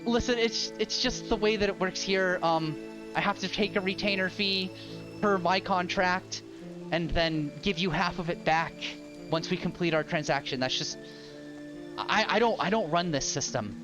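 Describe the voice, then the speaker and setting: A man voicing a mild, bureaucratic lawyer who talks in a polite, halting way with many pauses and restarts. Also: high voice, natural voice. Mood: defensive. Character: hesitant, fussy male lawyer, mild and bureaucratic. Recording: dull lo-fi with loud ambient music.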